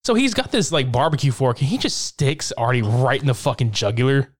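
A man in casual chat, recapping a horror film with lots of swearing and laughter, acting out lines in quick impressions. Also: mid-range voice, very animated. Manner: profane, laughing, acts out scenes in quick impressions. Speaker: podcast co-host recapping a film.

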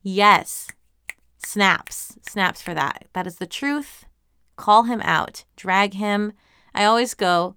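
A woman chatting casually through a recap of a webcomic episode, enthusiastic and quick to laugh. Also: fairly low pitch, pushed and bright, clean tone, dry recording, clean studio sound.

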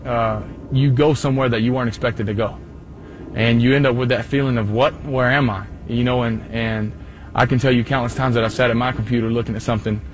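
A man telling a personal anecdote in a played clip, halting with many fillers. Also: medium pitch, fairly even intonation. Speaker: interviewee in archive clip. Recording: clip with faint background noise.

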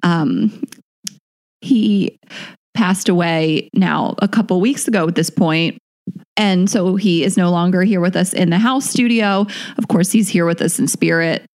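Emotional woman podcast host, halting. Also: fairly low pitch, darkish tone. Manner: emotional, halting, laughs through tears. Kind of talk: casual podcast chat.

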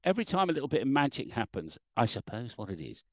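A middle-aged man, an animated storyteller chatting casually as a livestream guest and acting out the lines he quotes. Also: mid-range voice, quick pace, no room sound, clean studio sound. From England.

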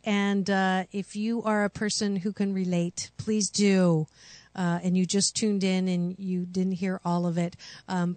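A woman hosts a radio call-in show and coaches her callers in a slow, unhurried way. Her delivery is soothing and affirming, and the studio sound is dry and close. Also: medium pitch, a bit bright, no room sound.

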